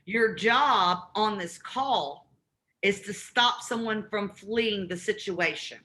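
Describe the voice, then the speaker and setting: A Southern-accented woman leads a live real estate training session, acting out both parties in cold calls with plenty of animation. Her voice is mid-range, and she speaks at a slow pace.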